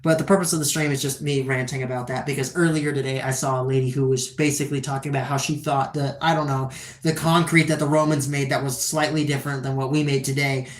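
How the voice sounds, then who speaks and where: A person in their twenties livestreaming, chatting casually and rambling excitedly, swearing often and answering chat questions. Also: medium pitch, quick pace, reverberant. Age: 20s.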